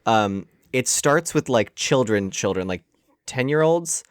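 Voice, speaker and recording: A man's voice: medium pitch, expressive, a little slow, smooth, no room sound, clean studio sound. A man co-hosting a casual podcast chat, talking hesitantly with lots of "like" fillers. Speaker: podcast co-host.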